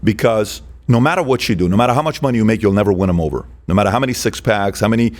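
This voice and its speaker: A man talks as a guest on a podcast in a lowish voice, telling stories with plenty of drive. He leans hard into his points and acts out the lines of the people he quotes. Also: rapid-fire. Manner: emphatic, acts out quoted dialogue. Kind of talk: animated storytelling.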